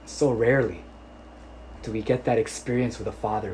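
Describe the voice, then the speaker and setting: A man's voice: lowish voice, moderate pace, pauses often, a little mellow, slight background noise, low-quality recording. A male pastor telling a personal story in a sermon, conversational with many fillers, turning earnest as he exhorts. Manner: conversational, full of "you know" fillers.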